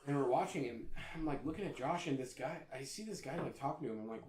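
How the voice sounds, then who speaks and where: A man telling a story in casual chat, animated and profane. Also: mid-range voice, moderate pace, crowd noise. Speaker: podcast co-host. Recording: echoey room, away from mic.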